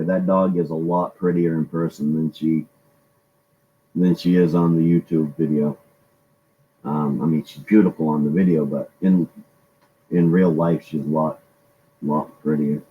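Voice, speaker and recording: A man's voice: rumbling low, steady tone, moderate pace, long pauses, narrow, tinny audio, a little hiss or hum. A man hosting a casual live-stream chat, rambling along and greeting his viewers by name.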